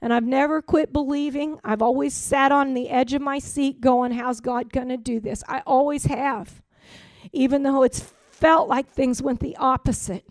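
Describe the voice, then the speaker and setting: A woman preaching, telling a spiritual testimony in an earnest storytelling way, sometimes trailing off quietly. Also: fairly high pitch, no echo. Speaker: prophetic speaker. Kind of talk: sermon testimony.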